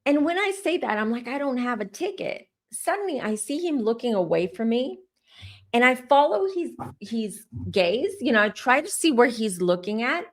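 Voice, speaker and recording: A woman's voice: on the high side, sing-song, normal speed. A woman psychic tarot reader telling viewers about a vision in a chatty, casual way, speaking straight to her audience. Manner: chatty, addresses viewers directly. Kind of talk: casual storytelling to camera.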